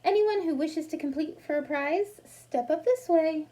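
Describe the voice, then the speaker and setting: A woman reading aloud as a bossy middle-aged hostess, announcing loudly and brightly. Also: sits high, unhurried, slight background noise, pitched above the performer's own voice, poor audio. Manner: loud, announcing.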